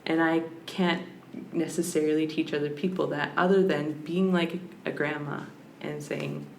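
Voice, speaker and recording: A woman's voice: low voice, fairly even intonation, normal speed, gravelly, darkish tone. A woman guest on a podcast, a language scholar, talking in a reflective, searching way with frequent restarts. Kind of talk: reflective conversational interview. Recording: roomy with faint background hiss.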